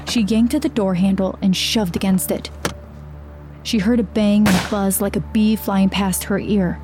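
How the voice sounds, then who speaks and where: A woman reading a horror story aloud as narrator, in a steady, measured way. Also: medium pitch.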